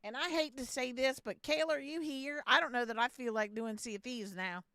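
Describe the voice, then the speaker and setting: A young woman streaming a game, talking to her chat in a bright, sharp voice that stays clean and crisp. She is blunt and foul-mouthed and circles back over the same phrase. Her voice sits a little high and comes across close and dry. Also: a little fast, no room sound. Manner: blunt, profane, repeats herself. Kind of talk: casual live-stream chat.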